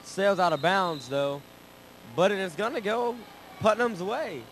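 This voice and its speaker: A young man calling a high school girls basketball game, jokey and growing excited on big plays. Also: a little slow, slight background noise, low-quality recording. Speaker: play-by-play commentator. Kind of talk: sports commentary.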